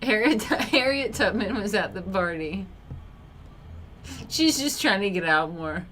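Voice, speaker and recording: Slow-talking woman laughing through crude jokes. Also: mid-range voice, lively intonation, a bit bright, slight background noise. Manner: laughs often, crude and joking. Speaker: streamer. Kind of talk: casual reaction commentary.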